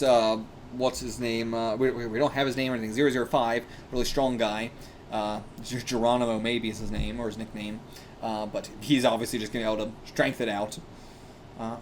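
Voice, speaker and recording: A young man reading a manga aloud and reacting casually, excitable and laughing, with bursts of swearing. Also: medium pitch, a little hiss or hum. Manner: excitable, swears, laughs, puts on brief character lines.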